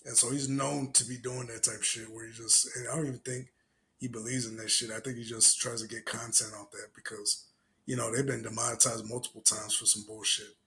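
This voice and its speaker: A man's voice: medium pitch, little pitch movement, a little fast, sharp tone, slight background noise. A man hosting a podcast, giving loose, profane, laughing reaction commentary on clips. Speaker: podcast host.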